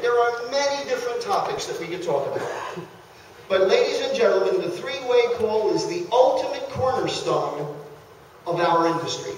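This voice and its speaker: A man in his fifties with a New Jersey accent works a conference crowd like a showman, joking and animated, in a fairly high voice. He is heard from some distance in a large hall, with heavy echo and a long reverb tail. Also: a little hiss or hum. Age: 50s. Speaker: motivational speaker at a network marketing event. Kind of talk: stage presentation. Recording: echoey hall, mic far off.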